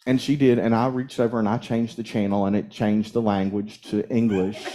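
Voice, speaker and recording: A male minister preaching in a church, speaking in a relaxed, mellow voice. He tells his stories conversationally and lets small chuckles slip in as he talks. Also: mid-range voice, moderate pace, slight background noise. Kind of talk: storytelling sermon. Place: church sanctuary.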